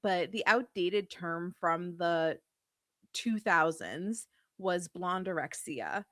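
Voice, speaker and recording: A woman's voice: fairly low pitch, animated, slow pace, fairly bright tone, no echo, clean studio sound. A young woman co-hosting a podcast, chatting casually in an easygoing, rambling, confiding way. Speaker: podcast co-host. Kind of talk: casual chat.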